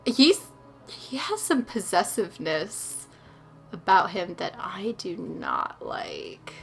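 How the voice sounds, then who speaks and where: A woman's voice: a little high, sharp tone. A young woman hosting a let's play, chatty and opinionated, giggling often and saying "like" a lot. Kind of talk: casual gameplay commentary.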